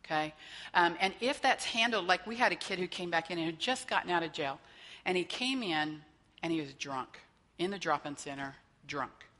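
A woman trainer speaks with a lower-pitched but bright, forward voice. She teaches a faith-based session in a loose, conversational way and keeps checking that her listeners are following. A long hall reverb trails behind her voice. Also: moderate pace. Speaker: workshop trainer.

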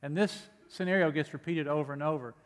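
A man's voice: on the high side, fast talker. A man preaching a sermon, earnest and emphatic, with occasional light humor between readings. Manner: earnest, emphatic preaching with rising bursts on key phrases. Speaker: pastor. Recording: long hall reverb.

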